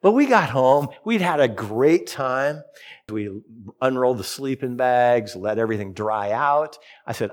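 A middle-aged man preaching a sermon, telling a personal story and reading scripture with lively, expressive delivery. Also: unhurried. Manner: storytelling, animated with big pitch swings. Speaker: pastor.

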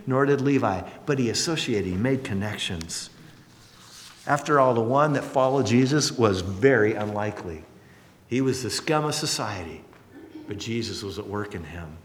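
Animated preacher man in an echoey hall. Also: mid-range voice. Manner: animated, conversational, playful asides. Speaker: pastor. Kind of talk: sermon.

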